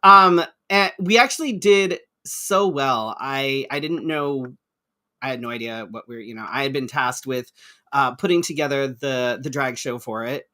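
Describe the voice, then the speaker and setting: Bright, mid-pitched male co-host; loose, chatty, profane, talks in restarts. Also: a little slow. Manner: chatty, swears casually, frequent restarts. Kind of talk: casual chat.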